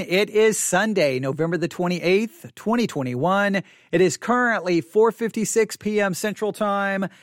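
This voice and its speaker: Lively high-voiced man preaching. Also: no echo, clean studio sound. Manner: animated, emphatic preaching with playful asides. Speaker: pastor and podcast host. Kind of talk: live-streamed sermon. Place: empty church sanctuary.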